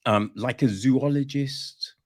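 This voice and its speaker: A man's voice: mid-range voice, slow pace. A man reviewing a film on a podcast in casual chat, rambling and swearing freely as he picks it apart.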